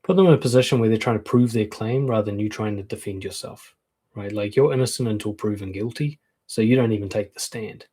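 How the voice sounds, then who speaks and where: A man talks through relationship advice in a relaxed, frank coaching manner, slipping into short acted-out comebacks. His voice sits on the low side and has a husky, slightly rough edge. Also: fast. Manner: frank, conversational, acts out quoted comebacks. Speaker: dating and confidence coach. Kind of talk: casual advice talk to camera.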